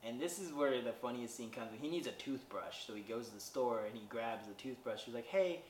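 On his podcast, a man reviews a movie in a rambling, casual recap full of fillers and wry remarks. He speaks fairly quickly at a medium pitch, recorded far from the mic in a roomy space with faint background noise.

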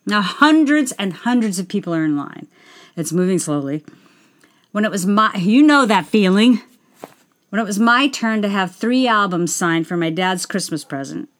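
A woman at a middle pitch tells a personal story in a casual, chatty way. She stops to correct herself mid-sentence. She slips into quick impressions of the people she quotes. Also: lively intonation, a bit bright. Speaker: stage performer telling a story.

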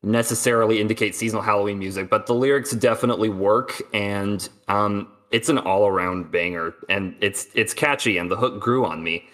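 A man co-hosting a podcast, introducing songs in a relaxed, hesitant way with many ums. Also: lowish voice, a little fast, few pauses. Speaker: podcast co-host. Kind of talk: casual music chat.

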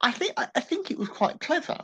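A man with an animated, rambling delivery, giving his take on a political debate in a casual podcast discussion. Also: very high-pitched, fast talker, gravelly, low-quality recording. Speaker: political commentator.

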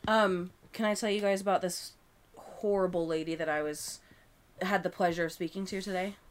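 A woman's voice: on the low side, moderate pace. A woman co-hosting a casual chat, telling a story about a rude caller and acting out both sides of the phone call. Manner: animated retelling of a customer service call, acting out both sides.

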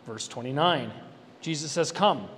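A man preaching an expository sermon, animated and emphatic, with conversational asides to his listeners. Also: high voice, normal speed. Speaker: pastor. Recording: reverberant hall with faint background noise.

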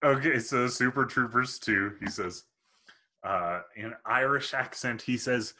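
A man's voice: medium pitch, measured pace, pushed and bright. A man co-hosting a podcast, reading movie reviews aloud in casual chat and laughing often. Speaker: podcast co-host.

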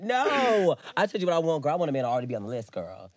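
A man's voice: fairly high pitch, huge pitch swings, very fast. A man co-hosting a casual gossip chat, sassy and slangy. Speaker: podcast co-host.

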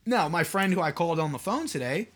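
Fast-talking and fairly high-pitched, this podcast host and mentor has lively intonation and a somewhat bright sound. Alone on the mic, he rambles casually, peppering his talk with "like" and rhetorical questions aimed at his audience.

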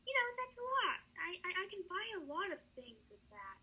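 A woman voicing a dreamy, overemotional street harmonica player in a comedy sketch, talking softly and rambling, then breaking into tearful wails. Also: very high voice, very animated, a little fast, voice pushed up, heavily acted, low-quality recording. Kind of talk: comedy sketch role-play.

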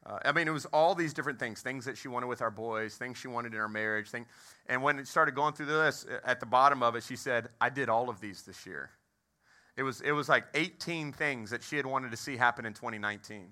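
A man's voice: mid-range voice, a little fast, pushed and bright. A man in his thirties, a pastor, preaching and telling a funny story, asking the crowd questions. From Texas. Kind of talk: sermon with humorous story. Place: movie theater used as a church.

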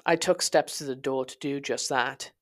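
A podcast narrator telling a personal story in the first person, in a quiet, intense, confessional way. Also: medium pitch, steady tone, moderate pace.

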